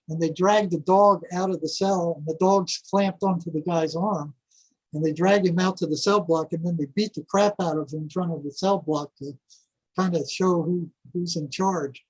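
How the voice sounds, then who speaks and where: Husky-voiced older man telling stories. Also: sits high, moderate pace, rough recording. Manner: animated storyteller who repeats words and chuckles. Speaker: podcast guest. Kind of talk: casual storytelling.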